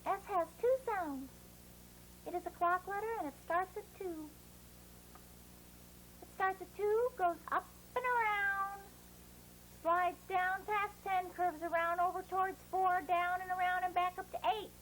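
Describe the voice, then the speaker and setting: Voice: extremely high pitch, fairly even intonation, measured pace, fairly bright tone, a little hiss or hum, low-quality recording. A performer voicing a cheerful puppet boy who teaches children to write letters in a bouncy, encouraging, sing-song way. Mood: cheery. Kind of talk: playful kids' lesson.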